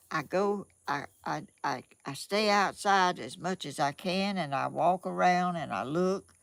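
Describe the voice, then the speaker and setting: Slow gravelly older Southern woman. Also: lowish voice, dry recording. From Georgia, USA. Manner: rambling, repeats herself, homespun and religious. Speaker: vlogger. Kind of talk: casual home vlog monologue.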